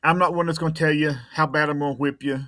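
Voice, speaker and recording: A man's voice: on the high side, steady tone, fast, sharp tone, no room sound. A man talking casually on a podcast as a private investigator guest, blunt and tough, often repeating words as he goes.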